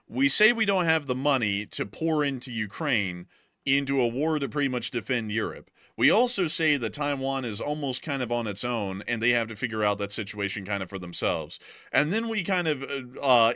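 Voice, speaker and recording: A man's voice: mid-range voice, pushed and bright, dry recording, studio quality. A man hosting a live news stream, folksy and chatty, often calling his viewers folks. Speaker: livestream news host. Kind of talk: casual live news commentary.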